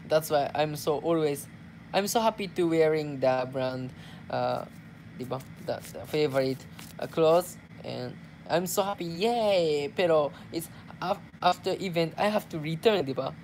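Slow-talking Japanese man, playful vlogger. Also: fairly high pitch, a little mellow, slight background noise. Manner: playful, laughing, mixes in Tagalog fillers. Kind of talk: casual chat reading fan messages.

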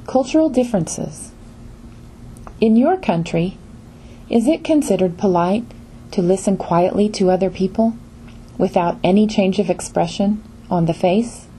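A woman narrating a scripted English pronunciation lesson, speaking in a measured, even way with careful pauses between phrases. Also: mid-range voice, slight background noise, poor audio.

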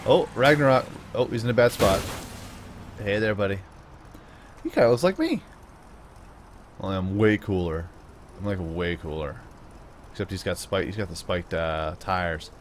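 A young man chatting through his own gameplay in an upbeat manner, breaking into whoops and yells when the fighting starts. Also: deep voice, lively intonation, normal speed, pauses often, a little hiss or hum. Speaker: gaming YouTuber. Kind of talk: let's play commentary.

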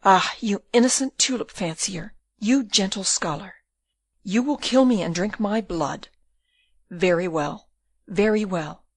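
A woman's voice: mid-range voice, very slow, few pauses, sharp tone, exaggerated voice. A woman voicing a spiteful old male jailer in an audiobook, speaking with sneering, bitter irony. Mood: mocking.

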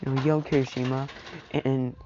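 Woman, very low voice with a lively swing, casual rambling storyteller at home, muffled recording with light noise. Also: moderate pace. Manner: rambling, full of "you know" and "anyway". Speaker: storyteller vlogger. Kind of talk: casual fan-story narration. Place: at home with family around.

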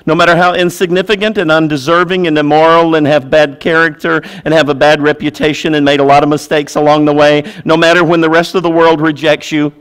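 A man's voice: steady tone, brisk, hardly any pauses, smooth. Preaching man with rising urgency. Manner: preachy, repeats key phrases for emphasis; swings between loud urgency and quiet low emphasis. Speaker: pastor. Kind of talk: sermon.

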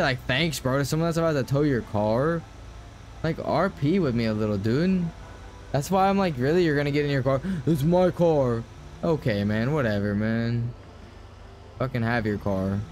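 A man's voice: on the high side, slight background noise. A young man streaming a game, talking casually to his chat and ranting with lots of swearing.

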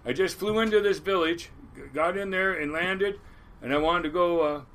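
A man in his sixties, a crab boat captain from Washington State in the US Pacific Northwest, spins a rambling, salty story during a casual interview. His voice sits high and fairly bright, moving at a normal speed, and his manner is blunt and yarn-spinning.

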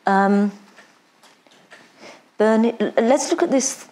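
A woman's voice: on the high side, slow, darkish tone. A woman tutor running a mock admissions interview, repeating words as she asks probing questions. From England.

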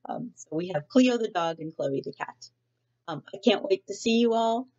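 A woman's voice: medium pitch, animated, moderate pace, mellow, lo-fi sound. A middle-aged woman teacher chatting in a friendly way with many fillers, reading a storybook aloud to students from home.

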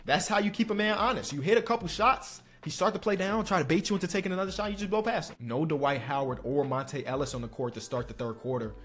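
Excitable gamer man, higher voice. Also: fast talker, hardly any pauses, faint music behind. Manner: excitable, jumps between hyped shouts and low muttering. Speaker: gaming streamer. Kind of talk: live commentary over a basketball video game.

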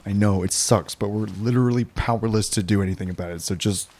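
A man's voice: on the low side, fast, a little mellow. A man giving comedic gameplay commentary, sarcastic and swearing as he rants at the game. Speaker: gaming video host.

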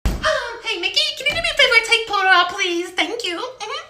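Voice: extremely high pitch, expressive, fairly quick, full character voice. A performer voicing a bossy, sassy female cartoon mouse who makes demands, in a fan comedy skit. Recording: echoey room with loud noise.

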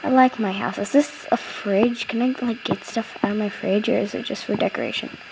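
A woman's voice: medium pitch, steady tone, brisk, gravelly, darkish tone, a little hiss or hum, rough recording. A young woman casually commenting on her gameplay, chatty and giggly, easily startled, into a close computer mic. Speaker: gaming channel host.

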